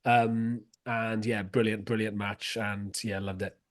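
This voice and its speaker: A man's voice: fairly low pitch, level tone, a little slow. A man co-hosting a casual football podcast, talking as an enthusiastic, chatty fan. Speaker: podcast co-host.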